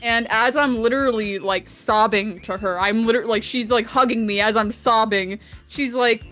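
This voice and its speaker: A woman's voice: a little high, steady tone, normal speed, fairly bright tone, soft background music. A young woman on a podcast, telling a long, rambling work story full of fillers and laughter. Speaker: podcast co-host. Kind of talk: casual storytelling chat.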